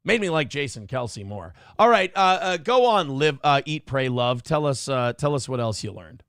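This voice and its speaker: A man's voice: mid-range voice, lively intonation, normal speed, a bit bright, clean tone, dry recording, clean studio sound. A man hosting a talk show, talking casually with crude, sarcastic, mocking jabs. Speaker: show host. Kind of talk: casual profane commentary.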